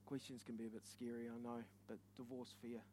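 A young man with a New Zealand accent, preaching with stories, animated and joking, sometimes shouting. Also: mid-range voice, brisk, a little hiss or hum. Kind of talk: sermon with stories.

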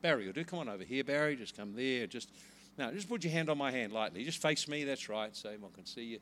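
A man preaching to a congregation, telling a healing story in a lively, animated way. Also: mid-range voice, fast talker, a little hiss or hum. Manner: animated storytelling, rises to laughing excitement. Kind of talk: sermon with personal story.

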